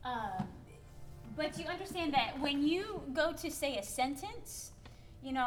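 A woman's voice: sits high, animated, a little slow, recorded from a distance. A woman from Minnesota with a Minnesotan accent, giving a chatty piano lesson with playful emphasis and laughing asides. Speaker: piano teacher. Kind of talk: workshop lesson on piano playing.

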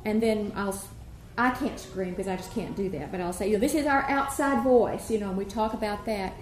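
A woman choir director giving a workshop, explaining and demonstrating warm-ups and singing vowels for her listeners. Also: mid-range voice, steady tone, brisk, slight background noise. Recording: echoey room with faint ambience.

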